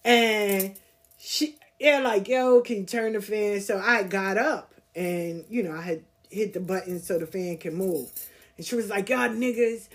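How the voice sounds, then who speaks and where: Animated woman telling a story. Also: mid-range voice, a little slow. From Southern United States. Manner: animated, slangy, acts out quoted voices. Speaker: podcast host. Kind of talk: casual storytelling and spiritual encouragement.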